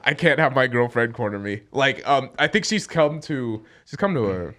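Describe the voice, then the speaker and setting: A man's voice: medium pitch, brisk, hardly any pauses. A man who fights, chatting casually on a podcast and telling stories with frequent laughter. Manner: laughs often, animated storytelling.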